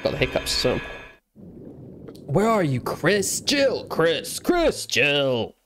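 A man's voice: a little high, huge pitch swings, slow, fairly bright tone, soft background music. A young man giving playful let's play commentary, teasing and talking back to the game's characters. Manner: jokey, teasing, talks back to game characters. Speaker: gamer.

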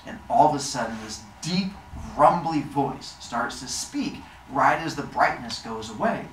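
A man telling a myth to children in a lively, playful way. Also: medium pitch, unhurried. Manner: animated, playful. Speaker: storyteller. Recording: echoey room, distant mic, faint noise.

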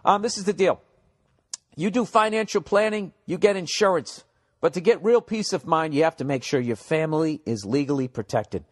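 A man hosting a comedy podcast in a casual, loud, jokey monologue, swearing freely, his voice slightly cracking. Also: on the high side, lively intonation, normal speed. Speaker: podcast host.

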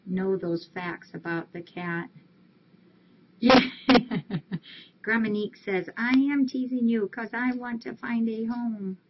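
Brief: woman on a casual live stream from a cat rescue, cooing fondly at the cats over muffled audio. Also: medium pitch. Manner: coos affectionately at cats. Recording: dull lo-fi stream audio, faint hiss.

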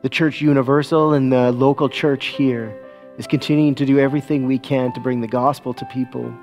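A man serving as pastor, giving church announcements and a gentle, slow children's talk with a prayer. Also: mid-range voice, fairly even intonation, soft background music.

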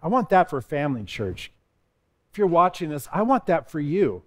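A man's voice: a little high, big pitch swings, normal speed. A man as a pastor giving an earnest devotional sermon, reading scripture with rising emphasis.

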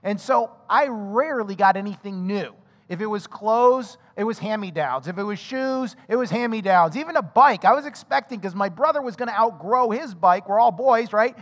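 High-voiced pastor preaching in a hall. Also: male voice, moderate pace, few pauses. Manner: animated, chatty, addresses the congregation with questions. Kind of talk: sermon with personal storytelling. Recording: long hall reverb.

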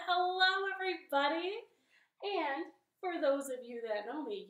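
Cheerful high-voiced woman leading storytime. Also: a bit bright. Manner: cheerful, coaxing, sings along to ukulele. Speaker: library storytime host. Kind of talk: children's storytime with songs. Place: living room at home. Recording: echoey living room with ukulele.

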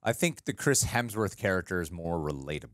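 A man's voice: sits low, lively intonation, a little fast, fairly bright tone, no room sound, studio quality. A man co-hosting a movie reaction show, talking casually and animatedly, often restarting his sentences and laughing. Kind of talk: casual chat.

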